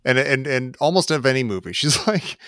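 A man's voice: medium pitch, expressive, fairly quick, a bit bright, no room sound, clean studio sound. A man co-hosting a film podcast in casual chat, laughing often and acting out lines from the movie. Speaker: podcast co-host.

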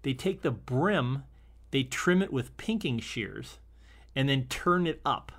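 A man co-hosting a relaxed conversation about a TV episode. He rambles, stops and restarts his sentences, and breaks into easy laughter. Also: medium pitch, takes it slowly. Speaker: podcast co-host. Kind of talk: casual discussion of an old TV episode.

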